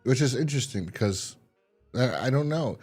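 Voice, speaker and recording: A man's voice: mid-range voice, moderate pace, husky, faint music behind. A man co-hosting a casual review podcast, retelling a TV episode with lots of animation and laughter. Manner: animated storytelling, laughing and mimicking characters. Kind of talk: casual chat.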